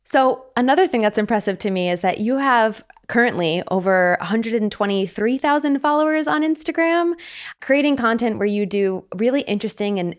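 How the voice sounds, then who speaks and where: A woman hosts an interview, asking her guest questions in a mid-range voice. She sounds enthusiastic and encouraging, and she reacts warmly to what her guest says. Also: medium pitch. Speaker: host.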